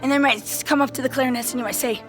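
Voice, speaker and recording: A woman band director explaining classroom routines to other teachers in an animated way, often checking in with "right?" She says she is a little sick. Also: sits high, very fast, faint music behind. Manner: animated, enthusiastic, keeps checking in with "right?" and "okay?". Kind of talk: casual how-to lesson to camera. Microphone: handheld phone.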